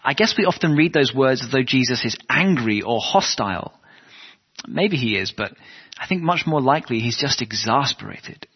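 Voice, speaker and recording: A man's voice: medium pitch, lively intonation, normal speed, husky. A man preaching a sermon, earnest and asking his listeners rhetorical questions. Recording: dull lo-fi sound with long hall reverb.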